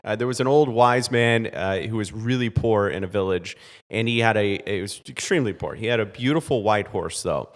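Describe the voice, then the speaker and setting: Low-voiced man telling a story, reverberant. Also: a little fast. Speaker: podcast guest. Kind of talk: storytelling and advice chat. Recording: long reverb.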